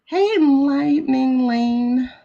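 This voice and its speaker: A woman's voice: high voice, very slow, vocal fry, dark tone, lo-fi sound. A woman hosting a casual livestream, talking in a chatty, rambling way with frequent laughter. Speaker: livestream host.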